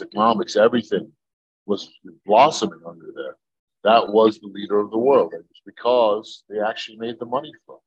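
A man from Egypt, a podcast guest, telling stories in a lively way, laughing and swearing freely. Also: lowish voice, husky, no echo, highs cut off. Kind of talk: casual podcast chat.

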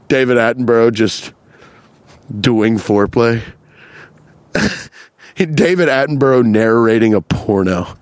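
A man's voice: medium pitch, no echo. A young adult man hosting a comedy podcast, talking in a profane, rambling, self-interrupting way.

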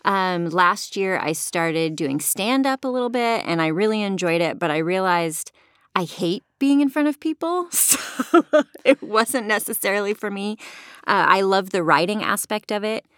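A woman's voice: mid-range voice, lively intonation, normal speed, fairly bright tone, no echo. Giggly, earnest woman podcast co-host. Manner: earnest, self-deprecating, giggly. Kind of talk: casual podcast chat.

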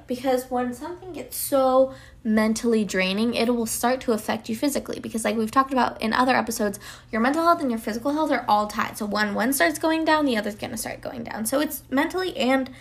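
A young woman hosting her own podcast, talking casually and rambling with many fillers and restarts. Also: fairly high pitch. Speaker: podcast host. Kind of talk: casual solo podcast talk.

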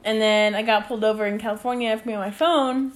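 A woman's voice: fairly high pitch, steady tone, fast talker. A woman in her twenties, a podcast co-host, chatting casually and telling stories full of "like" and acted quotes. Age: 20s. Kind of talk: casual chat.

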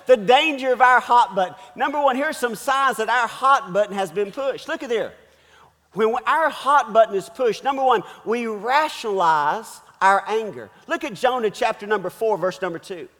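A man's voice: sits high, animated, normal speed, fairly bright tone, big-room sound. A pastor preaching a sermon, emphatic and calling out to his congregation, repeating key words for effect.

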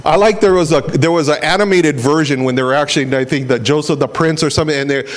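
Preacher, man, middle-aged, from Hawaii; higher voice, chatty, acts out a story with sound effects. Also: quick pace. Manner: conversational, repeats words. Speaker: pastor. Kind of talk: casual sermon.

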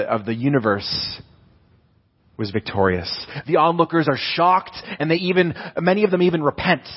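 A man's voice: fairly high pitch, dull audio. A young man, a pastor, preaching a sermon in a conversational storytelling way, with many restarts.

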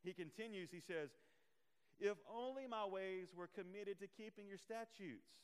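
Earnest preacher. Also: male voice, sits high, normal speed, smooth, in a large hall. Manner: earnest, rising and falling emphasis with repeated phrases. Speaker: pastor. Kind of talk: sermon.

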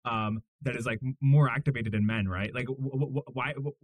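Casting: male interviewer, halting and searching, mid-pitched voice. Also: no room sound. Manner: halting, repeats words and restarts while asking questions. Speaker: podcast host. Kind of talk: casual interview questions.

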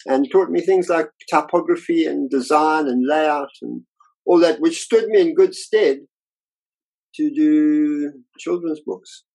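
An older man, an illustrator, telling lively anecdotes about his career in a casual interview and acting out the voices of people he quotes. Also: on the high side, slow, creaky, low-quality recording.

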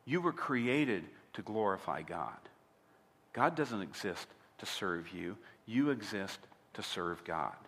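A man's voice: on the low side, lively intonation, slow, a bit bright, long reverb tail. A man preaching a sermon as a pastor, emphatic and asking his listeners direct questions. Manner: emphatic, asks the audience rhetorical questions.

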